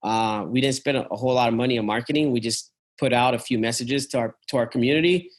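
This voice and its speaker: A man's voice: mid-range voice, fast. Chatty man with restless fillers. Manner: rambling, many fillers and restarts; uses "man" and "dude" often. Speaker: travel business owner. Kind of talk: casual business conversation.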